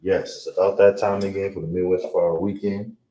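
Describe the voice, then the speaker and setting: A man with a Chicago accent teaching an online language class, saying words slowly and repeating them, often checking that listeners understand. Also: deep voice, little pitch movement, warm tone. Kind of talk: online language lesson, livestream. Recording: roomy echo, distant mic, faint noise.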